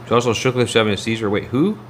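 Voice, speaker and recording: A man's voice: medium pitch, fast, slight background noise. A man livestreaming, chatting casually in a rambling way and answering his viewers' messages.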